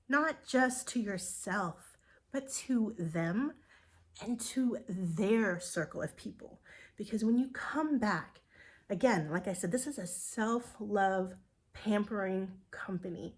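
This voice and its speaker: A woman's voice: mid-range voice, lively intonation, slow. Earnest emotional woman giving a pep talk. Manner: drops to breathy whispers for emphasis. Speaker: direct sales team leader. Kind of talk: motivational talk to a sales team.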